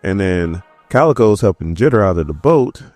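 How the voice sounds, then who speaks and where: A man's voice: sits low, very animated, moderate pace, darkish tone, no room sound, faint music behind. A man casually recapping a comic book issue, joking and chatting directly to his viewers.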